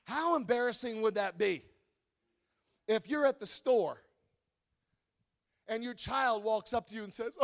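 A male pastor from Wisconsin, preaching a sermon that swings between quiet teaching and loud, shouted exhortation. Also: sits high, measured pace, pauses often.

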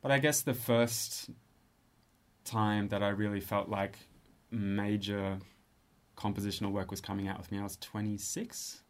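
Aussie composer guy in his 30s, lowish voice, chats slow and thoughtful with lots of restarts. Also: little pitch movement. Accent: Australian. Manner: thoughtful, hesitant, with frequent restarts. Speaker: composer and musician. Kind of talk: relaxed interview chat. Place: studio space.

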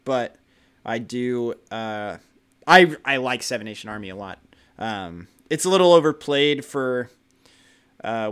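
A man co-hosting a casual podcast chat, animated and profane, laughing often as he talks. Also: mid-range voice, clear, resonant tone. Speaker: podcast co-host.

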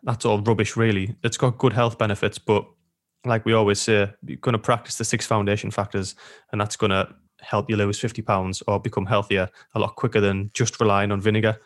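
A man's voice: on the low side, little pitch movement, brisk. A man co-hosting a podcast who talks in a casual, matter-of-fact and slightly skeptical way. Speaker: podcast co-host.

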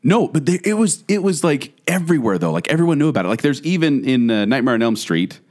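A middle-aged man co-hosting a podcast, chatting casually and telling stories in a rambling, animated way. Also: medium pitch. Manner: animated storyteller, rapid and rambling with restarts. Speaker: podcast co-host. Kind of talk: casual chat.

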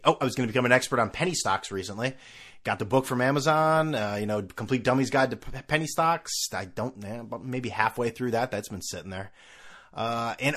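A man's voice: mid-range voice, a bit bright. Rambling sarcastic male podcast host. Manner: rambling, sarcastic and self-mocking. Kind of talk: casual solo podcast rant.

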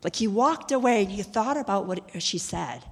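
A woman teaching from the pulpit in a relaxed, storytelling way, checking in with her listeners through questions. Her mid-range voice carries the long reverb of a large hall. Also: mid-range voice, normal speed, husky. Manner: conversational, storytelling, asks the audience questions. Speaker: ministry executive director teaching. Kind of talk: sermon-style teaching.

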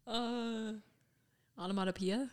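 A woman's voice: on the high side, takes it slowly, clear, resonant tone. A young woman, a mom, chatting casually into a microphone and telling a story with lots of laughter. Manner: giggly, animated storytelling. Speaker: co-host. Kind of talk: casual chat.

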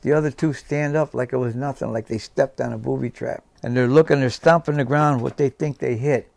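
A man in his seventies recounts his war experiences as a guest. He tells them vividly and acts out the dialogue. His voice is mid-pitched with gravelly fry, recorded dry and close. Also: steady tone, a little fast, a little mellow, no echo. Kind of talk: personal war storytelling.

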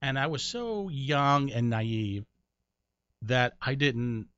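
Bright-voiced man telling stories. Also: slow, smooth, no room sound. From Connecticut, USA. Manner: animated storyteller, jumps high doing other people's voices. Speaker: comedian guest. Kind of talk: storytelling interview. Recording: dry, muffled sound.

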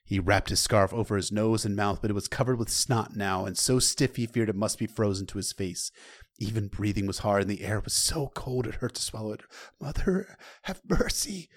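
A man with a fairly low voice retells a story in his own loose, conversational style. He slips into casual asides to the listener and the odd curse along the way. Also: fairly even intonation, fairly quick. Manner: loose and conversational, with occasional profanity.

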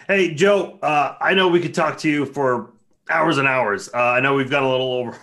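A man's voice: medium pitch, normal speed, a bit bright. Man, podcast host, casual interview, short friendly reactions.

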